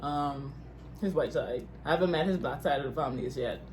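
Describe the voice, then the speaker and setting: A woman's voice: deep voice, a little fast, a little mellow, a little hiss or hum. A young Bahamian woman co-hosting a couples Q&A, chatting casually and laughing often. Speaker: YouTube couple co-host.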